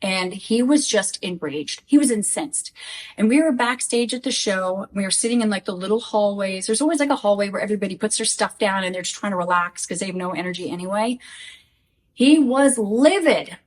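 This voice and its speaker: A woman telling animated, casual stories to camera about life with her YouTuber husband, with quick asides. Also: mid-range voice, recorded from a distance, rough recording. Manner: animated, quick asides, acts out quoted exchanges. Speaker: wife of a YouTuber.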